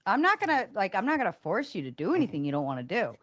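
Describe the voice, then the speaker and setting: A woman's voice: medium pitch, huge pitch swings, quick pace, no room sound. A woman hosting a live debate panel, explaining her rules firmly with some hesitant fillers. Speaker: panel show host.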